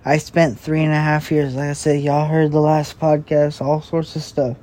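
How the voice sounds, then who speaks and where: A young man hosting a late-night podcast, talking in a slow, crude, meandering way full of fillers and swearing, breathing heavily after a big meal. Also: a little high, level tone, warm tone. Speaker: podcast host. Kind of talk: rambling late-night casual chat. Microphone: podcast microphone.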